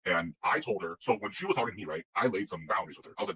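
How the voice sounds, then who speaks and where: A man's voice: low-pitched, lively intonation, very fast, bright, forceful tone, slightly rough, poor audio. A man telling a personal story in a casual, rambling way, full of restarts and quoted dialogue. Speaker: guest telling his story.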